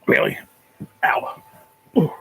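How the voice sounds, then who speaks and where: A man hosting his own livestream from his apartment, talking casually and emotionally in a halting, repetitive way with a lot of swearing. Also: noisy background. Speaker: livestream channel host. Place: apartment at home.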